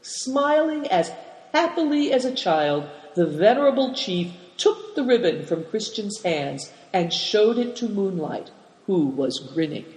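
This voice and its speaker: A man reading a story aloud in measured narration. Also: sits high, big pitch swings, darkish tone. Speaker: audiobook reader. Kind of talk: scripted narration. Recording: roomy with long reverb.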